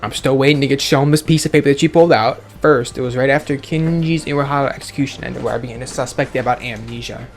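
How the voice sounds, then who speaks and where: A man's voice: medium pitch, quick pace, gravelly, few pauses. A man giving casual, sarcastic commentary with frequent swearing as he reacts aloud to a game's dialogue. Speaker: let's play gamer. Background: faint game music.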